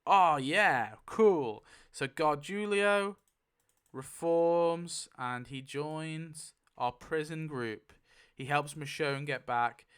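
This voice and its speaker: A man hosting a casual online chat, excitable, laughing often and swearing freely. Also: on the high side, extremely slow, smooth. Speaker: YouTube host.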